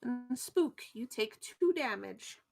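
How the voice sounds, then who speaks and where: A woman running a tabletop game as game master, narrating in a relaxed, descriptive way. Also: a little high, slow, gravelly.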